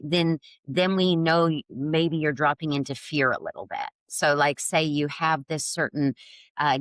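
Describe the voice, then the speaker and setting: A woman's voice: deep voice, no echo. A middle-aged woman speaking as a podcast guest in casual conversation, reflective and searching, often restarting her sentences. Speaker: guest, yoga and somatic healing teacher.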